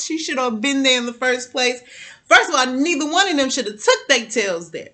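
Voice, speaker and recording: Woman, casual TV recap chat, AAVE speech, animated, bright tone. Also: a little high, a little fast. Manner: animated, talks straight to viewers, repeats words. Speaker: TV recap vlogger.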